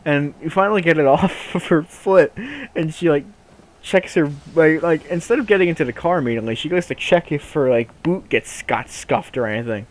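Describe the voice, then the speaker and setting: A young man casually telling a funny story on a podcast, in an animated way with lots of laughing and fillers. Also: on the high side, fairly quick. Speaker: podcast co-host.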